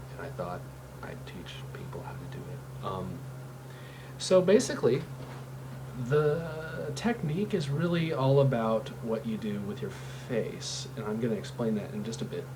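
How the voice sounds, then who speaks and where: Low-voiced man rambling through a tutorial. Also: noisy background. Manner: rambling, full of ums and restarts. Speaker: voice impression tutor. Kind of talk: casual how-to tutorial.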